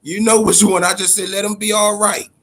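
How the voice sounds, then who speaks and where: A man's voice: sits high, little pitch movement, brisk, a bit bright. A man hosting a casual boxing livestream, talking loosely and profanely and greeting viewers in the chat by name. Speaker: boxing podcast host.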